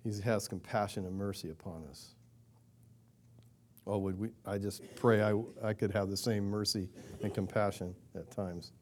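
A man preaching a sermon in a conversational way, asking rhetorical questions and acting out quoted prayers in a louder, higher voice. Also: fairly even intonation, moderate pace, a little hiss or hum. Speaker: pastor.

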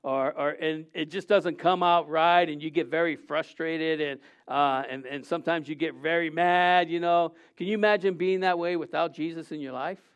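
High, smooth-voiced male pastor preaching. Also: steady tone, moderate pace, hardly any pauses, dull audio. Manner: conversational preaching with rhetorical questions and repetition; frequent restarts and self-corrections. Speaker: senior pastor. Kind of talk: sermon.

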